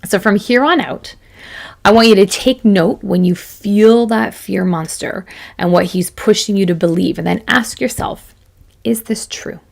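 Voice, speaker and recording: A woman's voice: mid-range voice, a little slow, vocal fry. A woman in her forties giving a chatty, self-deprecating motivational talk to camera as a business coach, laughing often.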